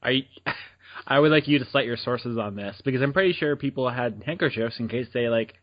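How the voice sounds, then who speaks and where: A man in a casual podcast chat who laughs a lot and pushes back with dry, skeptical replies. His voice is mid-range in pitch. The audio is muffled and lo-fi. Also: fairly quick. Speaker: podcast co-host.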